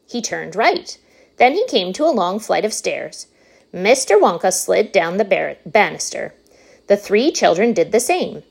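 A woman reading a children's book aloud as narrator, in an unhurried, expressive storytelling way. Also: mid-range voice, creaky, slightly rough.

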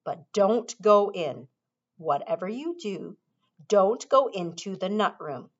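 Casting: woman reading a quirky showman factory boss, lively and animated. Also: mid-range voice. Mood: explaining. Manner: brisk, showman-like explaining. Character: eccentric excitable male chocolate-factory owner. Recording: dull lo-fi recording.

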